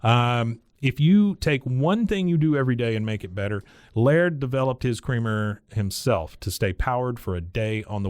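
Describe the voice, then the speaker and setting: A man's voice: mid-range voice, a little mellow, no echo, studio quality. A man co-hosting a podcast, reading a sponsor spot in a chatty, conversational way. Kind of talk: casual ad read.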